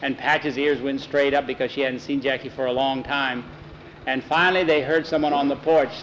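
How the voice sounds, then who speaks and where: A man's voice: mid-range voice, fairly even intonation, normal speed, a bit bright, slight background noise, poor audio. A man telling a children's story aloud in a folksy, homespun way, with small slips and self-corrections.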